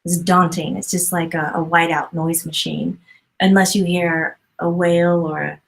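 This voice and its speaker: A woman hosting a conversational interview, telling stories in an animated, expressive way. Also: lowish voice, moderate pace, creaky, low-quality recording. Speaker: podcast host.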